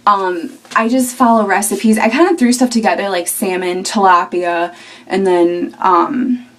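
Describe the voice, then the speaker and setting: A woman's voice: mid-range voice, fairly even intonation, a little slow. Chatty young woman vlogging from a distance. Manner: chatty and rambling, with fillers and laughs. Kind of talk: casual chat to camera. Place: at home indoors.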